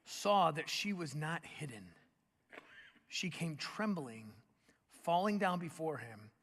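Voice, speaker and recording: A young man preaching a sermon, telling the story in a lively, animated way and acting out the voices of its people. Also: on the high side. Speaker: pastor. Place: large church hall. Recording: long hall reverb.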